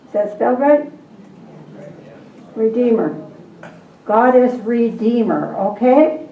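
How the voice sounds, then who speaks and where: A female Bible teacher leads a group in a call-and-response lesson, coaxing listeners and repeating prompts amid frequent laughter. Her voice is a little high with lively intonation and a slow pace. The recording sounds distant, roomy and dull, with slight background noise.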